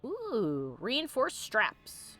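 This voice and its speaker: A woman's voice: a little high, huge pitch swings, drawn-out words, bright, forceful tone. A woman streamer giving casual gameplay commentary, bubbly and joking, laughing often and acting out the characters' lines. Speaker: let's play streamer.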